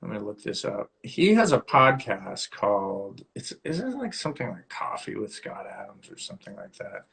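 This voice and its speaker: Creaky, rambling man chatting on a livestream. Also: fairly low pitch, sing-song, normal speed, few pauses, a bit bright. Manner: rambling and chatty, stops to scold his barking dog. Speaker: host of his own live stream. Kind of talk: casual livestream chat. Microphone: phone.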